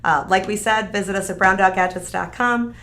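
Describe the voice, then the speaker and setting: Briskly and in a mid-range, fairly bright voice, a woman chats through a craft kit demo on her live stream. The product demo is casual and upbeat, and she uses fillers a lot.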